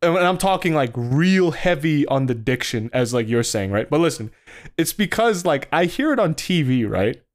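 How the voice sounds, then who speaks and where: A man's voice: a little high, big pitch swings, moderate pace. A young man from New Jersey, co-hosting a podcast in a casual chat, rambling with lots of fillers and sliding into mock voices. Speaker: podcast co-host.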